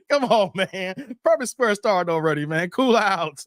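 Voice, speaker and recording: Male stream host, higher voice, playful banter, dry close sound. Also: sing-song, a little slow, no echo. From Chicago area. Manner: laid-back, playful, trash-talking banter. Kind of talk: casual live stream chat reading comments.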